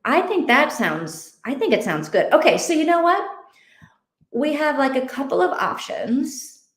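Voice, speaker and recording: A woman's voice: high-pitched, very animated, a little slow, roomy sound. A woman hosting an online reading group, chatting casually and thinking aloud with many fillers. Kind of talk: casual livestream chat.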